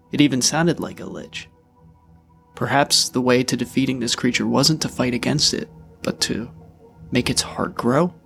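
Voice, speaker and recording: A man reading a dark storybook aloud in a steady, measured way. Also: mid-range voice, gravelly. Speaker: narrator.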